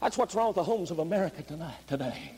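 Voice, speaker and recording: A man preaching a revival sermon, moving from low, plain talk up to high, shouted pleading. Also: expressive, fast talker, a little hiss or hum, rough recording.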